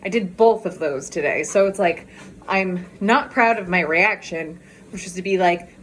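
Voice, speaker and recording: A woman's voice: medium pitch, normal speed, slight background noise. A woman vlogger chatting candidly in a casual walk-and-talk video, talking outdoors as she walks.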